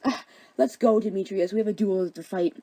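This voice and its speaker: A woman's voice: medium pitch, brisk, warm tone, no echo, close to an everyday voice. A woman voicing a cocky, dismissive young man in a cartoon parody, taunting and smug.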